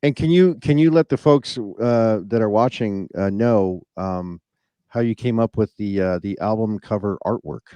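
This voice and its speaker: A man's voice: on the low side, moderate pace, warm tone, clear, resonant tone. Easygoing male interview host. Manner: easygoing, asks questions with many ums and uhs. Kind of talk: casual interview chat.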